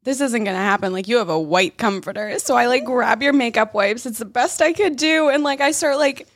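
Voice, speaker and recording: A woman's voice: on the high side, brisk, no room sound, clean studio sound. A young woman co-hosting a casual podcast chat, laid-back and full of fillers. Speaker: podcast co-host.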